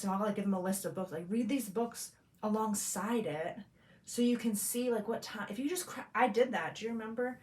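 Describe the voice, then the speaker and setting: A woman co-hosting a podcast who talks in a candid, chatty way and tells stories in an animated way. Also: medium pitch, fairly quick. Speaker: podcast co-host. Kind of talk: casual chat.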